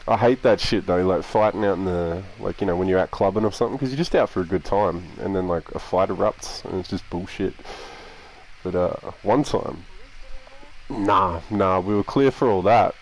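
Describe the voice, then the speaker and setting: A man's voice: low-pitched, moderate pace. A young Australian man telling a rambling story in a casual, laid-back way, swearing constantly.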